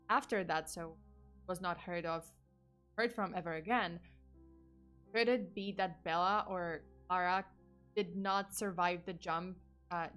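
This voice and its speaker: A woman's voice: on the low side, a bit bright. A woman streamer telling a true crime story in a casual, rambling way, with lots of fillers and restarts and the odd swear word.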